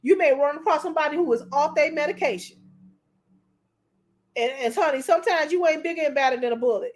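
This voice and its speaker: Emotional, preachy high-voiced woman. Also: fast. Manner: preachy, repeats herself, calls listeners honey. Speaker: commentator. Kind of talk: emotional commentary.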